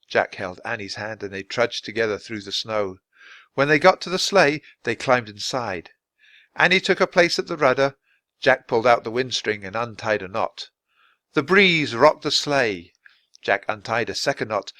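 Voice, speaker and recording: A man reading a children's book aloud for language learners, clearly and expressively. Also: mid-range voice, fairly bright tone, no room sound. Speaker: storyteller.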